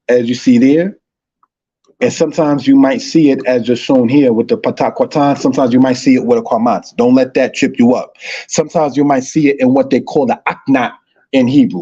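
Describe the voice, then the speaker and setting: A man's voice: mid-range voice, warm tone, breathy edge, lo-fi sound. A man teaching an online Hebrew lesson, repeating phrases and addressing listeners as brothers and sisters.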